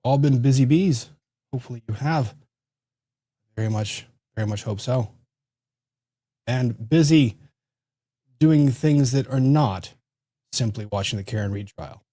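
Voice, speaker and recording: Guy hosting a stream at his desk, chatty, pokes fun at himself, mellow low-key voice, dry room. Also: unhurried, long pauses, dry recording. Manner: chatty, self-deprecating, reads chat aloud. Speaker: livestream host. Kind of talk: casual livestream chat. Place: small home studio room. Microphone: desk microphone.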